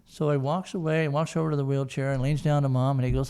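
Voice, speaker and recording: An older man tells a story at an easy, rambling pace, full of ums and restarts. His voice sits a bit higher than most men's. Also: fairly even intonation, fast, few pauses, warm tone. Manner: rambling anecdotal storytelling with many fillers. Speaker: guest, son of the founders. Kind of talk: storytelling interview.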